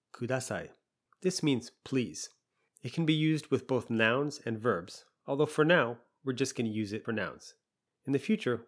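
Speaking at a medium pitch, a man leads a language lesson, giving patient explanations and repeating sample phrases slowly.

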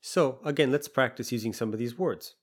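A man teaching a language lesson, patiently explaining and repeating example phrases slowly. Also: medium pitch.

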